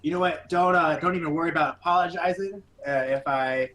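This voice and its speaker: A man voicing a gruff middle-aged shopkeeper and protective father, blunt and threatening, with halting pauses. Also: on the high side, fairly bright tone, slight background noise, close to an everyday voice. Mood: defensive.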